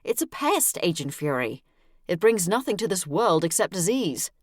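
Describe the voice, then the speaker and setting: A man's voice: high voice, big pitch swings, moderate pace, no echo, clean studio sound, voice pushed up. A woman voicing an urgent male wizard colleague who insists and presses his point in a storybook reading. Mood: insistent.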